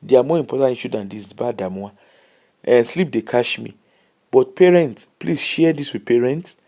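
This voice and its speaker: A man's voice: medium pitch, normal speed, mellow. A tired man with a Nigerian accent hosting a late live show, giving casual commentary and advice in English mixed with Pidgin.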